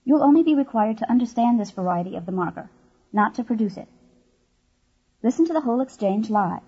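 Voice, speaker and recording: A woman narrating a language course tape, explaining words and grammar in clear, measured scripted narration. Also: fairly high pitch, lively intonation, warm tone, muffled recording.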